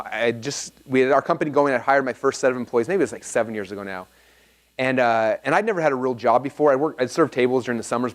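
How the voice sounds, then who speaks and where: A man in his thirties giving an energetic seminar talk, telling anecdotes and acting out both sides of the dialogue. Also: mid-range voice. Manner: fast, animated storytelling, acts out dialogue. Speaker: speaker at a live seminar.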